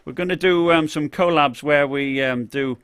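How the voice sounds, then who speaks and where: A man's voice: a little high, normal speed, a bit bright, smooth, no room sound. A man chatting on a live stream about tech, rambling with lots of fillers and restarts, and greeting viewers from the chat.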